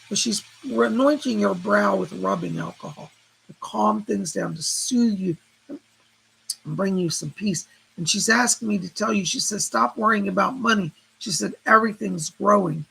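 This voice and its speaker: A man with a husky voice giving live psychic readings, passing on spirit messages as quotes and thanking donors by name. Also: high voice, fairly bright tone, low-quality recording. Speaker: psychic medium.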